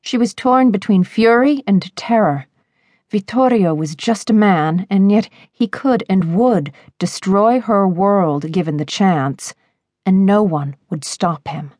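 A woman narrating a romance audiobook in a measured, expressive reading on a close studio mic. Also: mid-range voice, no room sound.

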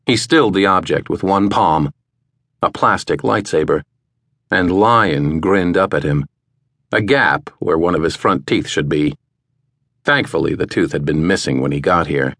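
Male audiobook narrator, deep and measured, close dry read. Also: a bit bright, dry recording. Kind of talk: scripted narration.

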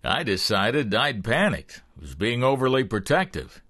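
A man narrating a thriller audiobook in the first person with expressive storytelling. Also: medium pitch, a little slow, no echo, studio quality.

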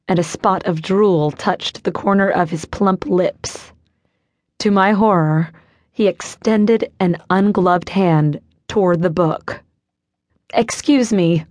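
Woman, audiobook narrator, measured first-person storytelling, lowish voice, dry close mic. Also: a little mellow, no echo.

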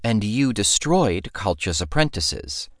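A man's voice: lowish voice, very animated, takes it slowly, no echo, clean studio sound, voice pushed up, exaggerated voice. A man voicing a young princess who teases and orders her friend about in a playful, imperious way. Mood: teasing, bossy. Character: teasing, bossy young princess.

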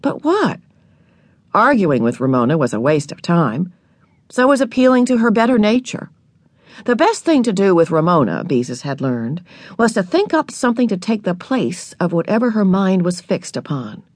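A lively woman narrates a children's storybook from a script, working as an audiobook narrator. Her voice is lowish and her speed normal, with studio-quality sound and no room ambience.

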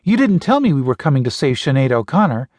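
A man's voice: medium pitch, big pitch swings, fast, darkish tone, no echo. A male audiobook narrator voicing a cocky, wisecracking young man with a sarcastic delivery, recorded close and dry. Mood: joking. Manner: sarcastic, joking. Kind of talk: audiobook character voice.

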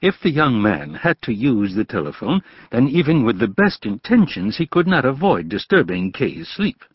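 A man narrating an audiobook in a measured, expressive storytelling manner. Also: mid-range voice, husky, no echo, lo-fi sound. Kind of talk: scripted narration.

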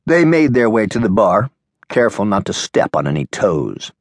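Low-voiced male audiobook narrator. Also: big pitch swings, moderate pace, dry recording, clean studio sound. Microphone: studio microphone.

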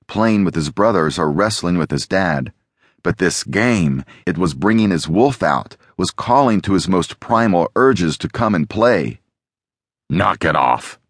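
A man reading a novel aloud as an audiobook narrator, in a steady, even storytelling manner. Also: sits low, dry recording, clean studio sound.

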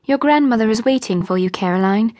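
A woman giving voice to a gentle young governess. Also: on the high side, fairly quick, no room sound, studio quality, natural voice. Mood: tender. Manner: soft and gentle.

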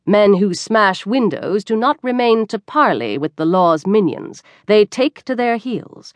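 Woman, audiobook narrator, lowish voice, very animated pitch, dry close sound. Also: dry recording. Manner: expressive, lively storytelling.

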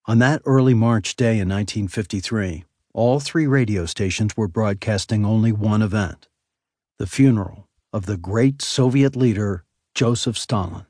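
Low-voiced male audiobook narrator. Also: no echo, clean studio sound. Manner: measured, even storytelling. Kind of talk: scripted memoir narration. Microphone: close studio mic.

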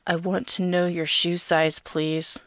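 A woman doing a slow, creepy male caller. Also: lowish voice, level tone, no room sound. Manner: slow, hushed, leering delivery. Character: creepy male prank caller, breathy and pleading.

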